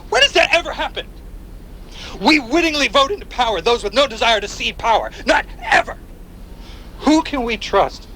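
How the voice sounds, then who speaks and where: An actor playing a paranoid, fiery male agitator in a video game, delivering an impassioned rant that swings from hushed menace to near-shouts. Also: high-pitched, slight background noise, full character voice. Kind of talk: video game voice acting, radio-style monologue.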